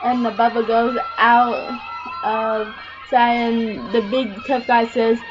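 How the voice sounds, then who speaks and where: Slow and flat in delivery, a woman with a voice on the high side retells a film plot casually, rambling with "and then" and lots of ums. Music plays clearly behind her on this dull lo-fi home recording.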